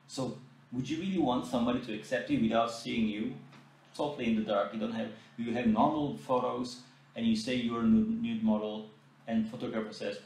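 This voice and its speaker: A man's voice: mid-range voice, brisk. Indignant man in an echoey room. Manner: animated, indignant, mimics quoted exchanges. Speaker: photographer and podcast host. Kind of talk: casual podcast storytelling. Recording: echoey room, mic at a distance.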